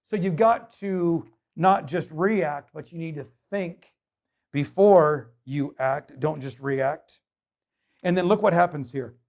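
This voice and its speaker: A man's voice: on the high side, slow pace, a little mellow. A man preaching a sermon as pastor, emphatic and conversational, putting rhetorical questions to his congregation.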